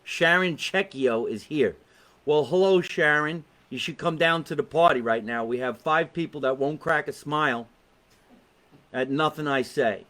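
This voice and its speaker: Broadcasting from his basement, this New Jersey-accented host runs a live comedy talk show online, trading brash jokes with viewers and cursing freely. He speaks at a measured pace in a voice on the high side with a sharp tone.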